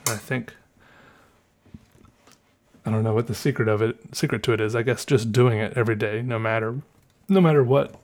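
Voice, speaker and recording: A man with a light Southern US accent chats to his viewers in an unhurried, wandering way. He stops to correct himself and muses out loud, trailing off and circling back to his thoughts. His voice sits at an ordinary middle pitch. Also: fairly even intonation. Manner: meandering, self-correcting, musing aloud. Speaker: vlogger. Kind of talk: casual rambling monologue.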